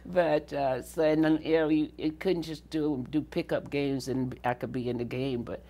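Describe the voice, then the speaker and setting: Low gravelly older woman telling stories. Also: steady tone, normal speed, warm tone. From Southern United States. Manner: laughs often, acts out quoted voices. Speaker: interviewee. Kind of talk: storytelling interview.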